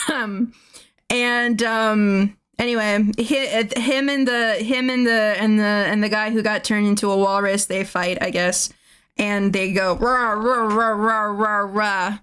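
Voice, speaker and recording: Woman streamer, smooth clear voice, rambling swear-laden recap, chuckles at her own jokes. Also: medium pitch, little pitch movement, slow pace, a bit bright. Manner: rambling, laughing at own jokes, frequent restarts, swears casually. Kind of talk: casual movie recap.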